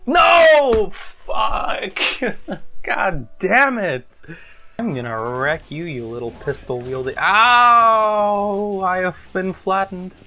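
A young man commentating on a video game he is playing, excitable and foul-mouthed, with loud outbursts and frequent laughs. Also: high-pitched, takes it slowly. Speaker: gameplay commentator. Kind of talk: let's play commentary.

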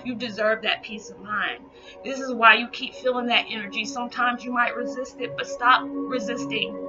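A woman vlogger talking earnestly to her viewers, encouraging and spiritual, often saying y'all. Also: medium pitch. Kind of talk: heartfelt casual talk to viewers. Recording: dull lo-fi sound with music behind.

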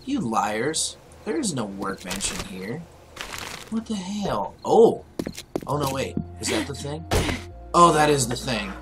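A man casually commentating on a survival game as he plays, excitable and talking back to the enemies on screen. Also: medium pitch, a little slow. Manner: excitable, talks to the game's enemies. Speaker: gameplay commentator. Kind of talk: casual let's-play commentary. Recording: loud game music under the voice.

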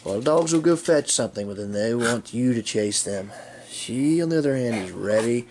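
Outdoors with background noise, a channel host chats casually while playing fetch, narrating the game and fondly coaxing his dog. His medium-pitched voice is expressive and brisk.

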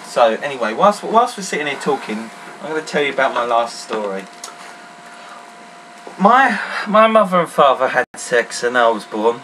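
A young man hosting casual let's-play commentary, joking and swearing in loud outbursts while he games. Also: mid-range voice, big pitch swings, moderate pace. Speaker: gaming channel host. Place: room at home, recording while gaming. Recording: distant mic with faint noise.

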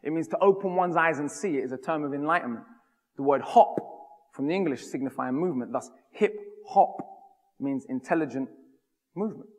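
A man's voice: a little high, brisk. A man from the United Kingdom giving a public talk, with a rhythmic, emphatic delivery. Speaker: speaker. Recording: long hall reverb.

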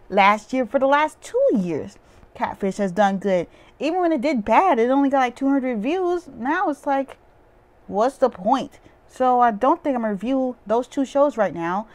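A woman talking straight to her audience in a loose, unscripted vlog recap. She rambles from point to point with lots of "um" and "like" filling the gaps. She tosses in blunt, opinionated asides as she goes. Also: a little high. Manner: rambling, chatty, with frequent "um" and "like" fillers. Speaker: reality TV recap vlogger. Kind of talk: casual monologue recapping a TV show.

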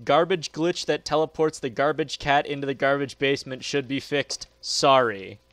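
A man's voice: medium pitch, steady tone, normal speed, fairly bright tone, dry recording. A man hosting a gaming channel, giving dry, understated let's play commentary.

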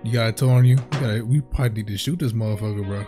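A young man giving casual let's-play commentary, slangy and profane, reacting loudly and animatedly to the game. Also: mid-range voice, quick pace, few pauses. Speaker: gaming channel host. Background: game music.

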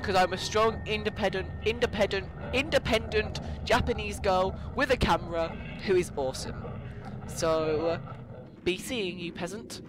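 A man's voice: high-pitched, normal speed, background noise. A young man giving rambling, jokey commentary while playing a game and talking back to its ghosts. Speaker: let's play gamer. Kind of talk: casual gameplay commentary.

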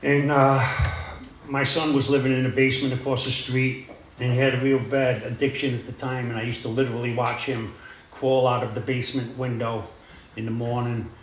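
A middle-aged man shares his recovery story as an AA speaker, rambling plainly and peppering it with "you know" and "uh." His medium-pitched voice holds a level tone and moves a little fast. The echoey room carries a little hiss or hum.

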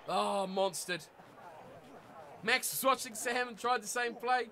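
A man with a New Zealand accent giving excitable live commentary while playing a rugby video game, often yelling at the screen. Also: very high-pitched, measured pace, pauses often, crowd noise, noisy background. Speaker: gaming YouTuber.

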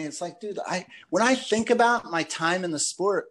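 High-voiced man telling rambling stories. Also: normal speed. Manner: rambling, animated, says "dude" and "like" often. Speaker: podcast host. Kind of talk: casual storytelling chat.

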